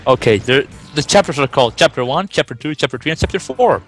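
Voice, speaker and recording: A man's voice: fairly high pitch, lively intonation, fast talker, fairly bright tone, faint music behind. A young man reading fan fiction aloud in a casual way, breaking off with amused, laughing asides. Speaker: reader.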